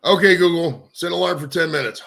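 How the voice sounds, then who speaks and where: A man's voice: on the high side, fairly quick, gravelly, fairly bright tone. A man hosting a live stream, chatting casually in a crude, rambling, profane way. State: out of breath. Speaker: livestream host.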